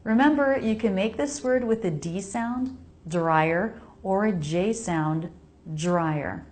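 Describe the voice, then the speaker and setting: An American woman teaching English pronunciation, slowly repeating each word for the listener to copy. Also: a little high, animated, darkish tone. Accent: General American. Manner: slow, precise, repeats words for practice. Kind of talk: pronunciation lesson voice-over.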